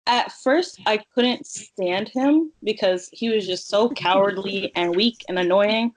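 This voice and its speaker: A woman's voice: mid-range voice, a little slow, low-quality recording. A woman, a cosplayer guest, chatting casually in an interview, joking and laughing often.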